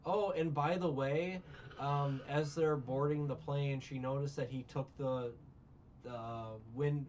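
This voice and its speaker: A man's voice: on the high side, steady tone, slow, a little mellow. A man in casual chat recapping a film, rambling with restarts and incredulous rants. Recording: lo-fi with faint hiss.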